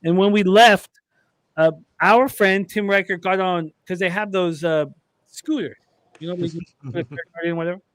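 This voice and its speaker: A man's voice: sits high, normal speed, fairly bright tone, no echo. A man, co-hosting a sports chat and telling a rambling, profane story with laughs. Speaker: podcast co-host.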